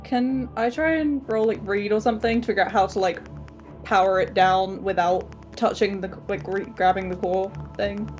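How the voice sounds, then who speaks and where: A woman's voice: mid-range voice, steady tone, normal speed, faint music behind, rough recording. A woman player in a tabletop game, rambling and unsure as she asks about a roll.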